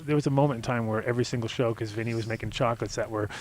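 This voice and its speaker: A man hosting a casual talk show, telling a long story in a rambling, animated way and acting out his own reactions. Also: medium pitch, rapid-fire. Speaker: host.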